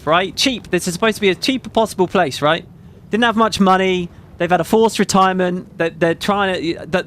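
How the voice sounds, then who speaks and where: A man's voice: high voice, fairly bright tone, a little hiss or hum. A man telling a story in a casual vlog, rambling and emphatic, swearing freely. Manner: rambling, profane, emphatic retelling. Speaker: gaming video creator.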